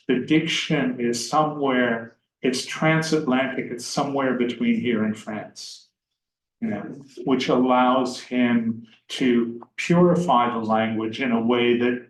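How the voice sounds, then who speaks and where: Man lecturing on poetry in a roomy hall. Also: medium pitch. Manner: measured, slows down to read verse lines aloud. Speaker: poet giving a lecture. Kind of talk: public talk on poetry with read-aloud passages. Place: lecture room. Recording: roomy hall sound, faint background noise.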